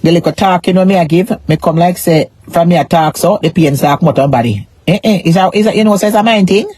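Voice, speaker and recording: A woman's voice: fairly low pitch, quick pace, mellow, husky, dry recording. A Jamaican woman on a casual live stream, rambling in a repetitive, emphatic way about money, shame and her pain. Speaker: social media personality.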